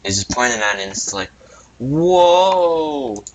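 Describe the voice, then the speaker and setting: A man's voice: on the low side, steady tone, rapid-fire, bright, forceful tone, slight background noise. A man casually narrating a silly story while drawing on his computer, rambling and amused at himself, with muttered asides. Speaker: video creator.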